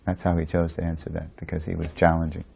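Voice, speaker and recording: A man's voice: low-pitched, monotone, fast talker, vocal fry, a little mellow, breathy edge. A man recalling an episode with his spiritual teacher, explaining carefully and rephrasing as he goes. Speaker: disciple sharing memories. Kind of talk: storytelling reminiscence.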